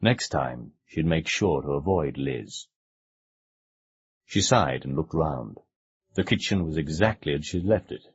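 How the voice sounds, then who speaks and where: A man narrating an audiobook with measured, expressive storytelling. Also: very deep voice, slightly rough. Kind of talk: scripted narration. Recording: dull lo-fi cassette recording.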